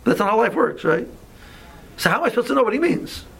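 A man's voice: high voice, sing-song, fast talker, gravelly, fairly bright tone, husky, low-quality recording. A man teaching an informal Torah class, talking conversationally with many restarts and asides.

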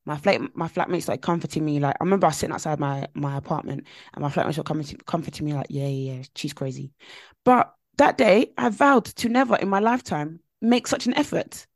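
Woman co-hosting a chatty podcast, lowish voice, tells stories with lots of emphatic repeating, dry close sound. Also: quick pace, hardly any pauses, dry recording. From Nigeria. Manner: animated storytelling, emphatic repetition. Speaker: podcast co-host. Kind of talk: casual chat.

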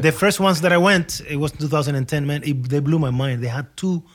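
A man chats as a guest over a video call, his voice sitting fairly high for a man. He tells stories with animated energy, often stopping to restart a phrase. He slips into the voices of the people he quotes. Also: fairly quick. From Cuba. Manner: animated, frequent restarts, acts out quoted dialogue. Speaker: guest musician. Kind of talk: casual interview storytelling.

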